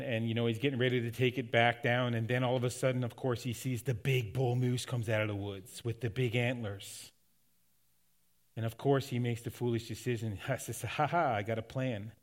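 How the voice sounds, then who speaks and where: A middle-aged man from Canada, a pastor preaching a sermon in a conversational, folksy storytelling way, often restarting his sentences. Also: medium pitch. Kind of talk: sermon with personal stories.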